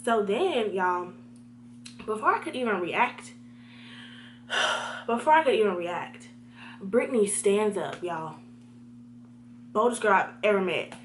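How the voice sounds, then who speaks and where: A young woman telling a story to her viewers in a lively, direct way, with a mid-range voice. A faint hiss sits under her talk. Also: mid-range voice, slow pace, pauses often. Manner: animated, talks to viewers directly. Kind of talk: storytime vlog.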